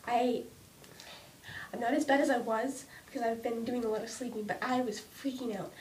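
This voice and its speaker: An anxious young woman rants into her camera, stumbling over her words and starting sentences again. Her voice sits a little high. She sounds set back from the mic, with a faint low rumble in the background. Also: steady tone, darkish tone, recorded from a distance, low-quality recording. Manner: halting, restarts often, many "like"s. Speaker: vlogger. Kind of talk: emotional personal vlog rant.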